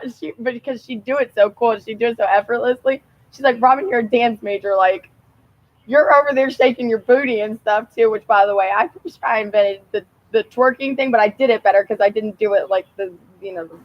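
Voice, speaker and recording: A woman's voice: mid-range voice, no echo, dull audio. Profane, rambling young woman storyteller. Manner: profane, animated, laughs often. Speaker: vlogger.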